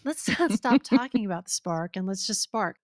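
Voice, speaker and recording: An upbeat, playful woman co-hosts a casual podcast, speaking at an ordinary pitch. Her voice is recorded close and dry, with no room sound. She laughs easily as she talks. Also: lively intonation, normal speed, no echo. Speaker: podcast co-host and creativity coach. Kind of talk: casual chat.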